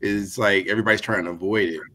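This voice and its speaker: A man joining a podcast conversation, speaking in a measured, hesitant way with many ums. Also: on the low side, steady tone, sharp tone, poor audio. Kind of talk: casual podcast talk.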